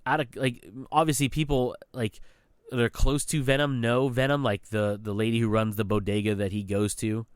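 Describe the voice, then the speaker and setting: A man co-hosting a podcast, laying out a movie argument in an animated way and checking for agreement often. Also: medium pitch, moderate pace, smooth, dry recording, studio quality. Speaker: podcast co-host. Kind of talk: casual movie review chat.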